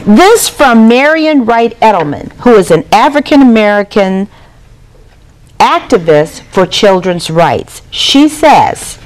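A woman's voice: on the high side, takes it slowly, poor audio. A middle-aged woman giving a speech to an audience, telling stories with rising emphasis. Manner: storytelling with lively rising emphasis. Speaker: speaker at a public event.

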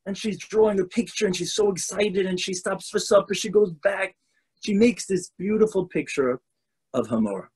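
A man, a rabbi, telling a story in a lecture over a video call, animated and shifting voices for characters. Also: high voice, slightly rough.

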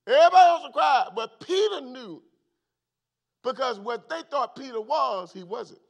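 A high-pitched man preaching at a midweek Bible study. He talks in an animated way, leaping from loud hallelujahs to quiet, low asides. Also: moderate pace, gravelly. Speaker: pastor.

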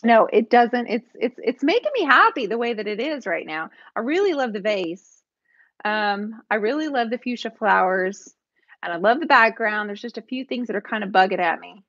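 Painting on a live stream, this woman makes casual, nervous conversation with her viewers and responds to commenters. Her voice is a little high and expressive, fairly bright, at a moderate pace, with no echo on the dull, dry home recording.

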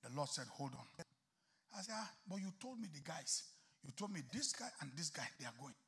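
A male pastor preaching a sermon, moving from hushed storytelling to shouted exhortation, acting out talks with God in whispers. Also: a little high, big pitch swings, fairly quick, slightly rough. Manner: acts out dialogue with God in whispers. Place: church.

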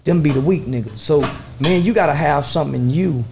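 A man's voice: fairly high pitch, brisk, mellow, a little hiss or hum. A man talking boldly and emphatically as a guest in a casual interview. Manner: bold, boastful, emphatic.

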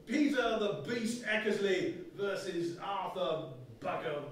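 Hear a man as a cheeky radio engineer of the 1920s, teasing and irreverent in his delivery. The voice sits high for a man. It is heard from far off in a very echoey hall. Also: expressive, takes it slowly, slight background noise. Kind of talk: comic one-man stage play.

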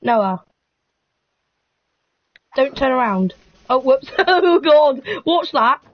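High, lively young woman gaming. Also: very slow, no echo, lo-fi sound. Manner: playful, teasing, laughs often. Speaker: gaming vlogger. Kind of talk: casual gaming chat.

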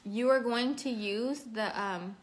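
A woman's voice: fairly high pitch, slow pace, a little hiss or hum. A woman hosting a casual livestream makeup tutorial at home, chatting and reading out viewers' names while she works. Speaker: makeup vlogger.

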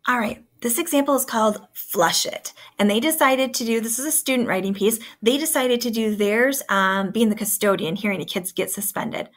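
A woman's voice: on the high side, normal speed, hardly any pauses. A woman teacher giving a recorded writing lesson, upbeat and instructive as she addresses students.

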